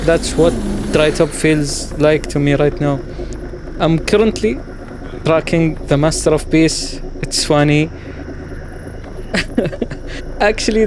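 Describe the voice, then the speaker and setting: A man talks over his gameplay from his desk, reflective and musing, now and then breaking into a playful exclamation. His voice sits a little high for a man. A faint hiss runs under the recording. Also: darkish tone. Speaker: gaming channel host.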